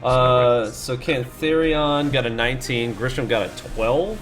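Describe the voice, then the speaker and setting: A man narrating as game master of a tabletop game, halting with many fillers and restarts. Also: medium pitch, soft background music.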